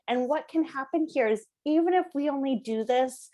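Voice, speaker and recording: A woman's voice: sits high, moderate pace, few pauses, warm tone. Woman in her 30s explaining parenting stuff to a group, chatty, keeps saying "right?". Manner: conversational, often asks "right?", acts out parent and child voices. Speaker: parenting educator. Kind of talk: presentation to parents.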